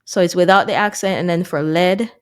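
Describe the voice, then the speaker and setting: A woman's voice: lowish voice, brisk, smooth. A woman vlogging casually to her viewers as she works through a language course, chatty and laughing at her own mistakes. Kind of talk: casual vlog chat to viewers.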